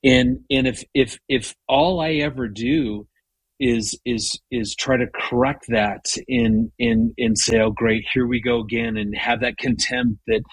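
A husky-voiced man in his fifties talks as a guest in an interview. He tells personal stories in a casual, conversational way, often doubling up on words as he goes. His voice is mid-pitched and sounds dry and close. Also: steady tone, slow pace, no echo, low-quality recording. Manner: repeats words often while telling stories. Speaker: guest, marriage author. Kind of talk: conversational storytelling.

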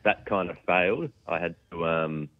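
Young Australian guest on a phone line, relaxed and quick-talking, low and dry. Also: male voice, no echo. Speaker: women's competition organiser. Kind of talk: casual phone interview.

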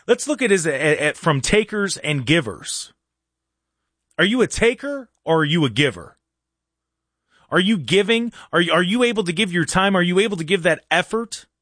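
A man on a talk show rants with lots of energy, and his voice swings up and down all the time. He often trips over his words and restarts. The recording is close and dry, with slightly raised pitch. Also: no echo. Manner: animated ranting, frequent restarts and repeated words. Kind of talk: casual opinionated chat.

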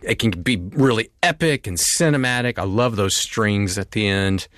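A man's voice: normal speed, fairly bright tone, no echo. A man hosting a radio music show, chatting enthusiastically and casually about songs with a guest. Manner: enthusiastic, conversational, shifting pitch. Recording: dry studio sound.

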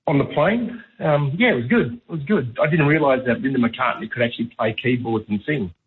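A male caller phones into a radio show, talking hesitantly with plenty of ums. His pitch is mid-range. The sound comes through a tinny phone line. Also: lively intonation, fairly quick. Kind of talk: phone-in chat. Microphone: telephone.

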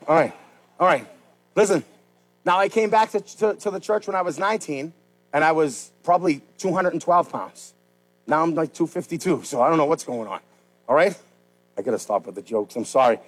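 High-voiced pastor preaching with fervor. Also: male voice, low-quality recording. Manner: preaching with sudden loud rises and quiet, slow pleas. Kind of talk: sermon.

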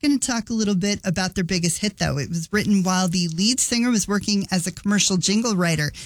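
A woman radio DJ talking casually on air, chatty and relaxed as she announces a giveaway. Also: mid-range voice, quick pace, no echo, studio quality. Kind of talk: radio DJ talk. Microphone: studio microphone.

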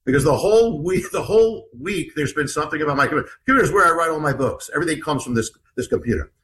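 Racing along with hardly a breath, a man with a fairly high, fairly bright voice and lively intonation tells an interviewer about an ordeal. The author acts out others' words vividly and often restarts and repeats himself. There is slight background noise and the audio is poor.

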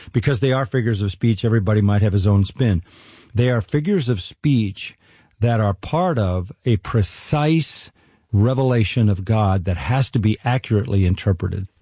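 An older man, a Bible teacher, answering interview questions in a measured, earnest way with frequent restarts. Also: on the low side, dark tone, husky, no echo, clean studio sound.

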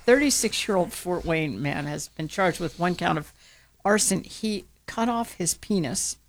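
A woman's voice: on the low side, expressive, measured pace. A woman co-hosting a casual radio talk show, chatting in a conversational way.

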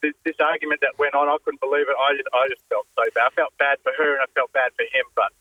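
A man calling a radio show and telling a story in a relaxed, hesitant way. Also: medium pitch, quick pace, dry recording, narrow, tinny audio. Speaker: caller.

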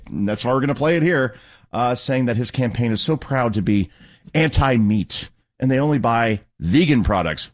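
A man hosting a political talk radio show, commenting with sarcastic, mocking asides. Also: medium pitch.

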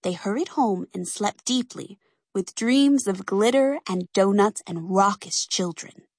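A woman narrating a children's storybook aloud in an expressive, animated way. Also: medium pitch, unhurried, no echo.

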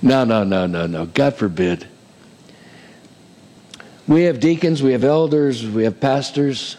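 Animated preaching man in a reverberant hall. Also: medium pitch, measured pace. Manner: animated, emphatic preaching with humor. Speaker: pastor. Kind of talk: sermon.

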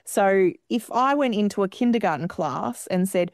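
A woman guest speaking expressively in long, flowing sentences. Her voice sits at a middle pitch. The recording is dry and close, with no room sound. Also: normal speed, a little mellow, no room sound. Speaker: guest musician. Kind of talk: radio interview.

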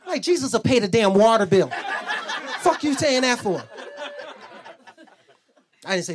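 Lively, crude stand-up storyteller. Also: mid-range voice, normal speed, pauses often, background noise. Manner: crude, storytelling, laughing through lines. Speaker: stand-up comedian. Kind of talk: stand-up routine.

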